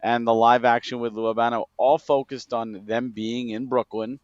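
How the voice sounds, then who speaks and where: A man in his forties co-hosting a podcast, explaining his view in long, steady sentences. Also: medium pitch, normal speed, no echo. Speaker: podcast co-host. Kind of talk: casual podcast chat. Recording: dull lo-fi audio.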